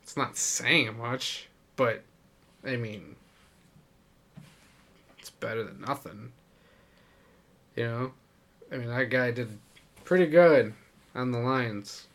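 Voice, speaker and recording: A young man co-hosting a relaxed sports talk show. He teases his co-host and breaks into laughter often as they banter. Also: mid-range voice, slow pace, vocal fry, long pauses. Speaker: podcast co-host. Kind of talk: casual sports chat.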